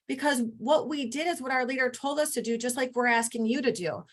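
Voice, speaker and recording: A woman leading a team call with an energetic, rallying motivational talk, speaking to her listeners directly over a video call. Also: sits high, a little fast, hardly any pauses. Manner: energetic, rallying, addresses listeners as "you guys". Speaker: team leader.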